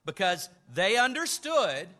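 An older man preaching a sermon, measured and emphatic, lifting his voice for quoted lines. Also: high-pitched, sing-song, pushed and bright. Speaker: pastor.

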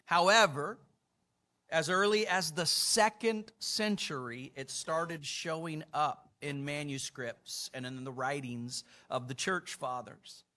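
An older man preaching a sermon, measured and emphatic, lifting his voice for quoted lines. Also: a little high, sharp tone. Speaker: pastor.

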